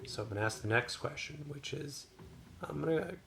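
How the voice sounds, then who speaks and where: Gravelly man narrating a solo tabletop game. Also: on the high side, moderate pace. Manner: relaxed, many filler "uh"s. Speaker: game master. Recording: voice over clear background music.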